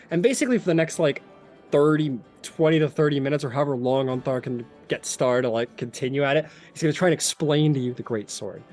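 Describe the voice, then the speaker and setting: A man narrating a tabletop game as game master, casual and animated with many fillers. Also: medium pitch, fast, faint music behind.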